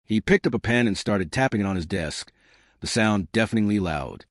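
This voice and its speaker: A man in his fifties narrating a first-person story in an expressive, scripted way. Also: on the low side, moderate pace, no echo, clean studio sound. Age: 50s.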